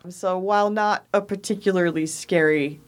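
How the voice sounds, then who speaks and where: A woman with a fairly low voice tells ghost stories in a relaxed chat. She laughs often and slips into the voices of the people she quotes. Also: normal speed. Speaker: podcast co-host telling ghost stories. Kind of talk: casual storytelling chat.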